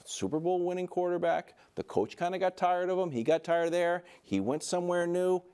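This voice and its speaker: A man's voice: high voice, lively intonation, normal speed, mellow, smooth. A man on a sports talk show panel who frames his points as stories. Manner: narrative, storytelling framing. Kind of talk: sports debate.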